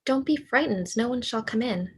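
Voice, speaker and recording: A woman's voice: on the high side, expressive, normal speed, a little hiss or hum. A woman reading the part of a despairing, lovesick young male writer in a cold reading over a video call, with earnest, pleading delivery. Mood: gentle. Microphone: computer mic on a video call.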